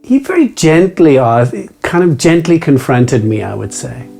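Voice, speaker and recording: Man, meditation vlog host, mellow warm tone, playful and self-mocking, quick chatter then slow deliberate phrases, faint guitar underneath. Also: mid-range voice, sing-song, vocal fry, slightly rough. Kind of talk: casual talk to camera.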